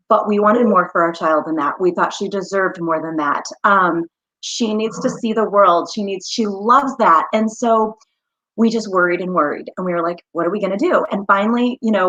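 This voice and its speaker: A woman's voice: medium pitch, fairly bright tone, rough recording. A woman being interviewed as a guest, telling her story in an earnest, heartfelt way. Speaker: guest, mother and small business founder.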